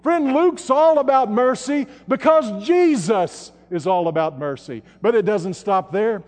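A high-voiced man delivers a sermon, his words trailing off into a long church reverb. He swings from ringing, shouted emphasis down to hushed, intimate tones. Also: animated, a little slow. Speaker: pastor.

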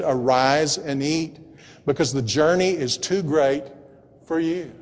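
A man preaching a sermon and reading scripture, emphatic and building to loud appeals. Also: on the high side. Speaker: pastor. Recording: long hall reverb.

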